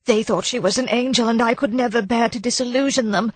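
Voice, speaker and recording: A woman narrator voicing a fretful young woman weighed down by guilt. The voice is slightly higher and husky, and it speaks softly. Dry, close recording. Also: fairly even intonation, quick pace, no room sound, lightly acted. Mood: anxious. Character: distressed young woman, Muriel, anxious and guilty. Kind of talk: audiobook narration.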